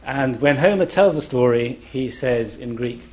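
A man's voice: medium pitch, animated, measured pace, a little hiss or hum. A middle-aged man giving a lecture-style talk as a classics scholar on a festival panel. He is enthusiastic and chants rhythms aloud in syllables to show them. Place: live event, indoors.

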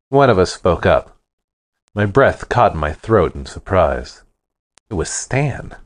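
A man narrating a first-person fantasy story in an expressive, dramatic manner. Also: deep voice, moderate pace.

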